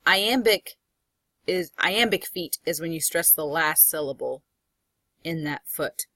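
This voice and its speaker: A woman professor giving a recorded lecture, explaining step by step and reading poetry aloud slowly. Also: sits low, lively intonation, pushed and bright, dry recording.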